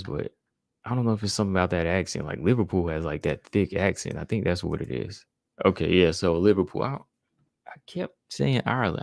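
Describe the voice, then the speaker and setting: A man with a low, gravelly voice talks through fight results in a loose, easygoing way, leaning on "man" and "you know" as he goes. The sound is close and dry, with no room around it. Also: no room sound. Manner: laid-back, fills with "man" and "you know". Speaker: podcast host. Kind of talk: casual fight-recap commentary.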